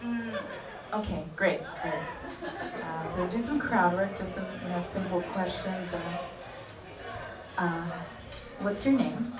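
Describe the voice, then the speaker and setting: A young woman comic doing quiet, hesitant crowd work with many ums in a comedy club. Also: fairly low pitch, fairly even intonation, unhurried, long pauses. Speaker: stand-up comic. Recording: echoey club from far off with loud crowd.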